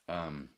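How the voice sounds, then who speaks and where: A man hosting a casual solo podcast, rambling and swearing freely, muttering asides to himself. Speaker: podcast host.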